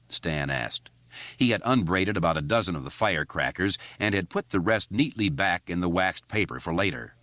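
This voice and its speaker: A man narrating an audiobook in an expressive, steady reading style. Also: low-pitched, moderate pace, no echo. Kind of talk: scripted narration. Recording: dry, dull lo-fi recording.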